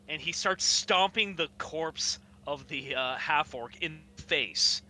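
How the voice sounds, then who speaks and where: A man narrating a tabletop game as game master, slow and descriptive, often coughing. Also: fairly high pitch, bright, forceful tone, slight background noise. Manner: slow, descriptive, with frequent coughs and throat-clearing.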